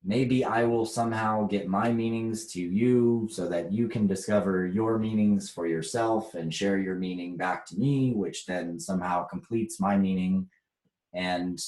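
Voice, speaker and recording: A man's voice: lowish voice, a little mellow, echoey room. An American man leading a spiritual workshop talk, reflective and chuckling often as he teaches.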